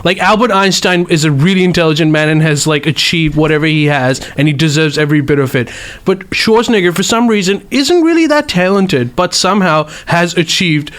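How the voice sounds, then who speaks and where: A man making his case in casual podcast chat, earnest and halting with many restarts. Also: on the high side, expressive, fairly bright tone.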